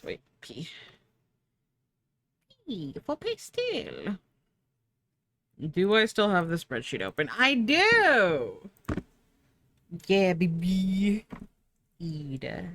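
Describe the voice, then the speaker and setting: In a medium-pitched, slightly bright voice, a young woman draws on a live stream. She's sleepy and yawns, yet stays bubbly and chatty, talking both to her chat and to herself.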